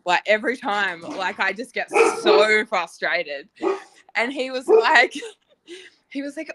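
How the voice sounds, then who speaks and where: A woman's voice: mid-range voice, lively intonation, measured pace, bright, forceful tone. A woman winemaker, chatting casually as an interview guest and telling stories with lots of "like" and acted-out quotes.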